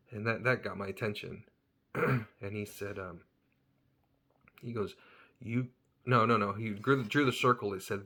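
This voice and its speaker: A man's voice: fairly low pitch, steady tone, moderate pace, long pauses, pushed and bright, slightly rough. A man, a plumber by trade, earnestly telling a personal story about his faith and thinking aloud as he goes.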